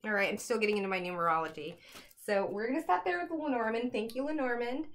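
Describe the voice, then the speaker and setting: A young woman giving a casual tarot reading to camera at home, chatty and excitable, laughing often. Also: on the high side, fast talker. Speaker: tarot reader.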